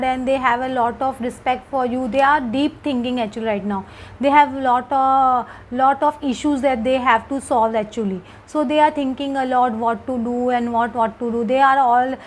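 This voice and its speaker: A woman's voice: high-pitched, slight background noise, rough recording. A woman giving a casual tarot card reading, hesitant and repetitive, with many fillers. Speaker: tarot reader.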